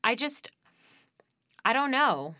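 Bright-voiced young woman podcaster. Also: on the high side, big pitch swings, takes it slowly, no echo, studio quality. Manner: rambling, conversational, thinking aloud with frequent fillers; profane. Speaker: podcast host. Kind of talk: casual solo podcast monologue.

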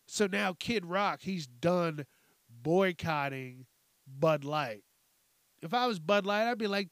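Slow, profane ranting man. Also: fairly high pitch, no echo. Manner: profane, animated ranting with mocking impressions. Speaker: podcast host. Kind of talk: casual ranting commentary.

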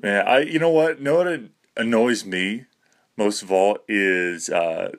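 A man's voice: on the low side, unhurried. A young man rambling to camera in a self-mocking way, swearing casually and breaking into nervous laughter. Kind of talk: rambling monologue.

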